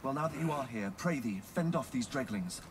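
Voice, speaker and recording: A man's voice: mid-range voice, expressive, brisk, background noise, lightly acted. A man voicing a solemn, old-fashioned game knight. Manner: formal, archaic phrasing. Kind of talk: video game character dialogue.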